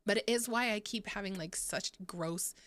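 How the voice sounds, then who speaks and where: A woman's voice: medium pitch, normal speed, a bit bright, no room sound. Giggly, foul-mouthed woman streamer. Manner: chatty, giggly, swears freely. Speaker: livestream host. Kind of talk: casual gaming stream chat.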